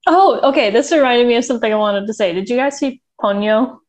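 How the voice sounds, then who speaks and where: A woman's voice: fairly high pitch, fast talker. A woman co-hosting a podcast in casual chat, a chatty storyteller who laughs often. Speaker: podcast co-host.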